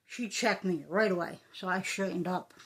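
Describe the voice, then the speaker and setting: A woman's voice: lowish voice, moderate pace, fairly bright tone. A middle-aged woman tells a personal story in a casual, conversational way, repeating words for emphasis.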